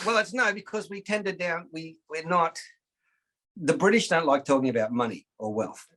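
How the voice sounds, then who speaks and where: A man's voice: fairly high pitch, moderate pace, a bit bright, low-quality recording. An Australian man co-hosting a podcast, teasing and joking crudely in casual chat. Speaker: podcast co-host.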